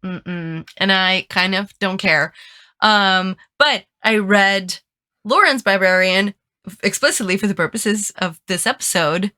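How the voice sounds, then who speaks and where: A woman's voice: mid-range voice, a little slow, bright, forceful tone. A woman co-hosting a book podcast in casual chat, her voice stuffy and congested from allergies, with dry, wry asides. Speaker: podcast co-host.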